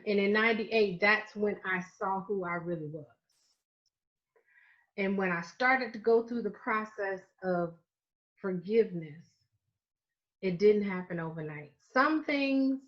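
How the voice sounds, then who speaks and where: A middle-aged woman with a Southern US accent speaks in a mid-range voice, earnest and emphatic as a life coach. She repeats her points and slows to lean on the key phrases. The audio is a bit dull and muffled. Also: medium pitch. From Florida, United States. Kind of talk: livestreamed masterclass talk.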